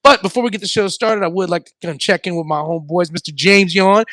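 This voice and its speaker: This is a male radio comedy host with a noticeably high voice. He chats casually with his co-hosts, laughs easily and acts out quotes. The studio sound is close and dry. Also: fast, no echo. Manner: laughing, animated storyteller.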